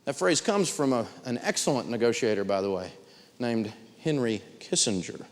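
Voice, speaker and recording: A man teaching personal finance in a live seminar, telling stories with big swings in pitch. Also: very animated, normal speed, in a large hall, slight background noise.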